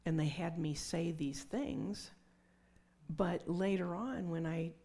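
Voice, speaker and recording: Woman preacher, middle-aged, conversational sermon, confiding, warm dark tone. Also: lowish voice, slow pace. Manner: conversational, confiding, drops to whispers for emphasis. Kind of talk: sermon with personal testimony.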